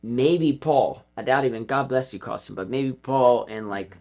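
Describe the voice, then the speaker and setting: Man, middle-aged, podcast guest, rambling, swears a lot, laughs often, mid-pitched voice. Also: normal speed, a little mellow. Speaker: guest, former pro skater. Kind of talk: casual podcast interview. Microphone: podcast studio mic.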